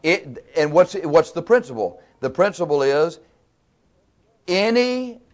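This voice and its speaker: A man preaching a sermon, asking his listeners questions and answering them himself, with loudness and pitch rising and falling. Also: moderate pace. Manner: varies pitch and loudness widely.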